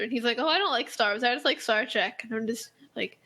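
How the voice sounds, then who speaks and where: A teenage girl chats in a bright, forceful voice that sits a little high. She rambles with lots of fillers and restarts, and keeps the talk lively. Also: fast, few pauses. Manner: animated, rambling with many fillers. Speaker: co-host. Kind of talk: casual chat.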